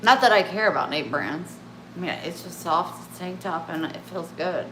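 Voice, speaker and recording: A woman's voice: on the low side, lively intonation, normal speed, sharp tone, slight background noise. A woman vlogging in casual, rambling chat to camera, often breaking off and restarting, candid about herself. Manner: meandering, self-interrupting, candid. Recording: echoey room with faint ambience.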